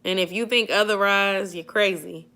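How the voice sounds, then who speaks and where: Yawning and sleepy, a young woman from near Atlanta runs a late-night YouTube livestream, casually reading viewers' comments and offering advice like a big sister. She speaks at a moderate pace in a steady, medium-pitched voice that's pushed and bright.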